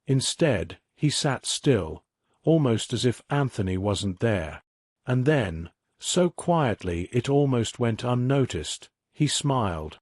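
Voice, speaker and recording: A man narrating a scripted dramatic story in a steady, even delivery. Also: mid-range voice, takes it slowly, no room sound, clean studio sound.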